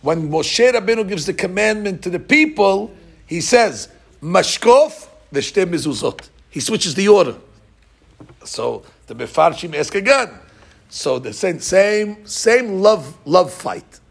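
A man teaching a Torah lesson, acting out the dialogue he quotes with lively swings in his voice. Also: a little slow, creaky, slightly rough. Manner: animated, acts out quoted dialogue with rising pitch.

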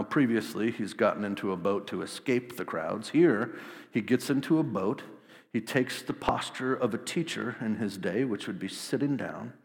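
A man preaching a sermon, explaining scripture conversationally with asides and light jokes. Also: medium pitch. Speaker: pastor. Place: church sanctuary. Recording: long hall reverb.

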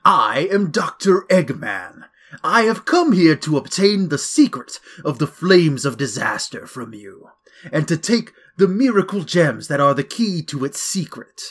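A man's voice: on the high side, sing-song, a little slow, a bit bright, pitched above the performer's own voice, heavily acted. A man voicing a scheming, grandiose mad scientist villain from a video game, with pompous, theatrical delivery.

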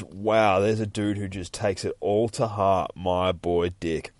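A man hosting a podcast, casually recapping a comic book, excitable and swearing freely. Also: sits low, unhurried, hardly any pauses, dry recording, clean studio sound. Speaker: podcast host.

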